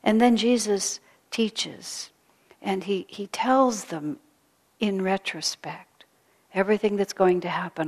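A woman retelling a sacred story as a spiritual teacher, soft-spoken and earnest, often dropping to a hush and repeating phrases for weight. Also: medium pitch, slow pace, long reverb tail.

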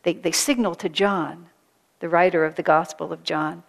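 A woman retelling a sacred story as a spiritual teacher, soft-spoken and earnest, often dropping to a hush and repeating phrases for weight. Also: lowish voice, steady tone, normal speed, creaky, in a large hall.

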